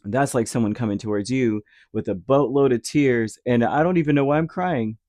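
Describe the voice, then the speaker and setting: Rambling and filler-heavy, a man delivers an informal tarot reading, occasionally voicing short made-up quotes. His mid-range voice is mellow and fairly quick, in studio-quality sound without echo.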